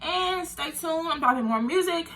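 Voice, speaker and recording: A young woman, telling an animated, indignant storytime vlog full of slang. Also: very high voice, normal speed. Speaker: vlogger.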